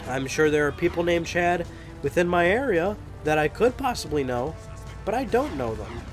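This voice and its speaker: A man's voice: fairly high pitch, animated, moderate pace, faint music behind. Rambling, swearing young man gaming. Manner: rambling, profane, laughs often. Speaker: gameplay commentator. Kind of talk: casual let's play commentary.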